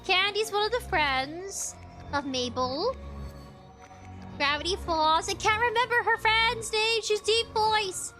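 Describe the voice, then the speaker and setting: A woman streaming a game from home, chatting casually in a giggly, animated, rambling way. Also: very high voice, takes it slowly, faint music behind. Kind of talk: casual live-stream chat. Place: home room with a computer and a dog.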